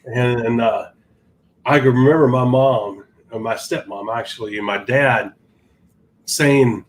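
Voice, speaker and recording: A man's voice: mid-range voice, takes it slowly. A middle-aged man hosting a daily podcast, talking in a chatty, folksy way and laughing easily. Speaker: podcast host. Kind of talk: casual chat.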